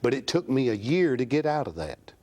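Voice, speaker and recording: A man, a country singer guest telling an animated, folksy anecdote in a TV studio. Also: medium pitch, fairly quick. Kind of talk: casual storytelling.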